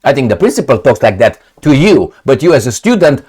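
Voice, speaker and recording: A man delivers opinionated commentary straight to camera, his pitch leaping up and down with lively, animated swings. He rambles and sounds exasperated, stumbling through hesitations and restarts. His phrasing is that of a non-native speaker. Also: brisk, slightly rough. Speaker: commentary vlogger.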